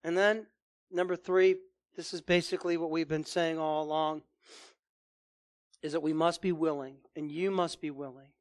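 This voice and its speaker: A man preaching a sermon, forceful and emphatic, often repeating and restarting words. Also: a little high, steady tone, normal speed, long pauses. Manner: forceful, rising to emphatic declarations.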